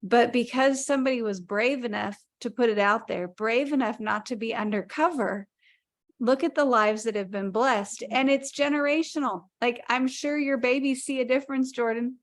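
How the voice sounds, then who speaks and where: A woman hosts a video call and affirms the speakers with emphasis, clearly moved by what she hears. Her voice sits a little high. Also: moderate pace. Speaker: host moderating. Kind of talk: encouraging wrap-up on a video call.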